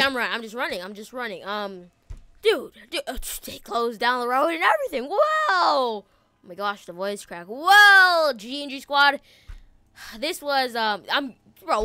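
A woman giving excitable, panicky gameplay commentary as the host of a gaming channel, laughing often. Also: sits high, no echo.

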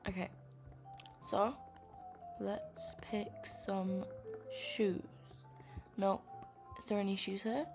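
A young woman chatting casually while she plays a dress-up game, with many fillers and quiet murmured asides. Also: mid-range voice, steady tone, drawn-out words, creaky, long pauses, music in the background. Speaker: gaming vlogger. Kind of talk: casual gameplay commentary.

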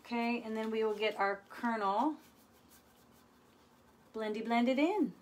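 Chatty, playful female host, fairly high voice, talking viewers through a live painting demo. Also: slow, a little mellow.

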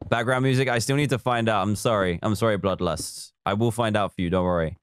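A man's voice: fairly low pitch, fast, clear, resonant tone. A man live streaming a building game, chatting casually, reading viewer comments aloud and counting blocks as he works.

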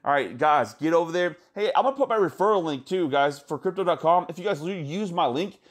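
A man talking fast and excitedly in a casual vlog, swearing a lot and calling his viewers "guys.". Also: on the high side. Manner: excited, profane, repeats "guys". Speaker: crypto YouTuber.

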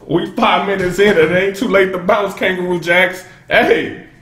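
Excitable high-voiced man reacting, echoey room. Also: measured pace. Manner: excitable, keeps interrupting with "hold up"; bursts into laughter and shouts. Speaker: music reaction host. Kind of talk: casual reaction commentary.

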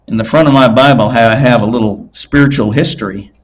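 A man in his sixties preaching a sermon in a slow, emphatic way. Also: mid-range voice. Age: 60s.

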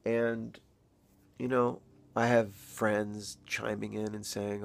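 A grieving father, older, speaking in a halting, reflective way in a personal video diary, close to tears. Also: fairly low pitch, gravelly, a little hiss or hum. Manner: halting, reflective, pausing often. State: emotional, near tears.

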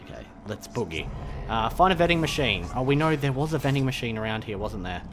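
A man's voice: medium pitch, very animated, quick pace, background noise. Jokey man playing a game. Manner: chatty, jokey, nervous muttering. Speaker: gameplay commentator. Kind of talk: casual let's-play commentary.

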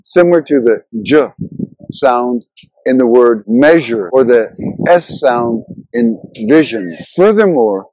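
A man hosting a language channel, narrating a scripted lesson in an explanatory way and slowing down to sound out example words. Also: mid-range voice, sing-song, darkish tone, dry recording, poor audio.

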